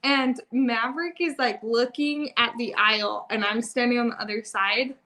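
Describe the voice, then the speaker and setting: A woman's voice: fairly high pitch, fairly even intonation, normal speed, bright, forceful tone, slight background noise. A woman, a mother and family vlogger, chatting casually with viewers and telling stories with frequent laughs. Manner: chatty storyteller, laughs often. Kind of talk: casual live chat with viewers.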